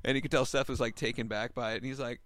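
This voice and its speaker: A man's voice: mid-range voice, fairly even intonation, racing, fairly bright tone, a little hiss or hum. Rambling, swearing young man telling a story. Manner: rambling, swears a lot, fillers like "like" and "you know". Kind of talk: casual storytelling chat.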